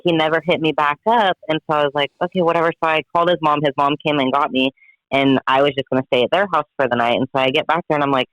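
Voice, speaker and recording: A man telling a story in a casual chat, animated and profane, acting out what everyone said. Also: fairly high pitch, rapid-fire, no echo, dull audio. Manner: animated, profane, dramatic retelling with quoted voices. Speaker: guest friend telling a story.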